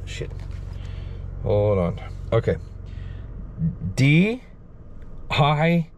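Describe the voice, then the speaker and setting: A man hosting a paranormal vlog, talking in a hushed, halting, emotional way at a cemetery. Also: fairly high pitch, big pitch swings, slight background noise. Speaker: paranormal vlogger host. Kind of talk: casual ghost-hunting vlog commentary. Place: outdoors and in a car at a cemetery.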